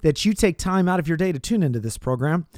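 A man's voice: on the high side, lively intonation, fast talker, darkish tone, dry recording, studio quality. A man hosting and introducing a radio ministry program in an earnest, inviting way. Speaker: radio program host and pastor.

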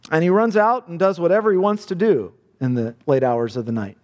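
A man's voice: on the high side, a little fast, few pauses, a little mellow, big-room sound. A man preaching a sermon, earnest, often repeating words as he builds a point.

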